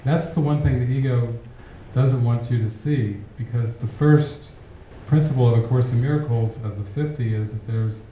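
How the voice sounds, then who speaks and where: Mellow-voiced man teaching in an echoey hall. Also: mid-range voice, moderate pace, far from the mic, a little hiss or hum. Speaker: spiritual teacher. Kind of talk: spiritual talk with audience question.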